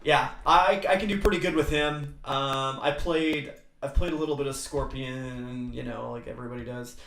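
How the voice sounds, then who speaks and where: A man's voice: mid-range voice, normal speed, creaky, a bit bright, roomy sound, a little hiss or hum. A man co-hosting a casual stream, joking and playful as he chats about games and tech trouble. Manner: joking, playful, drifts into impressions. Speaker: podcast co-host.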